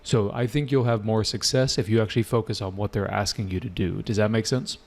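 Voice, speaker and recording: A man's voice: on the low side, steady tone, brisk, a little mellow. A man teaching a live online exam-prep lesson with energy, repeating points and quizzing his students. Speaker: English test-prep teacher.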